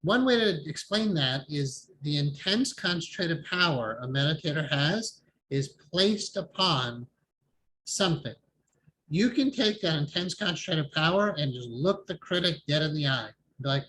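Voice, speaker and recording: Brief: male meditation teacher, slightly high voice, relaxed and chatty, faint hiss behind. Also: normal speed, poor audio. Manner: calm, conversational, laughs often. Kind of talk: online support group class. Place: home, online video call. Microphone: video call microphone.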